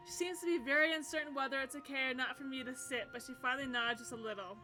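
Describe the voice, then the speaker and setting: A woman streamer reads a visual novel aloud, breaking off to gush and giggle over it. Her voice is high and bright. Soft game music plays faintly behind her. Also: fast, few pauses. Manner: gushing, giggly, excitable.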